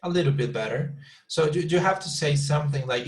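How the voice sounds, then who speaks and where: Patient male English teacher, higher voice. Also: poor audio. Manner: patient, repeats words and models phrases slowly. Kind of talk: online class instruction.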